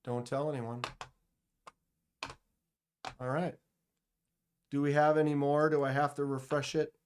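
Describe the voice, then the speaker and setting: A man's voice: on the high side, little pitch movement, moderate pace, smooth. A man hosting a live stream, casually reading viewer comments aloud and muttering to himself as he clicks through his screen. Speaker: live stream host running a giveaway.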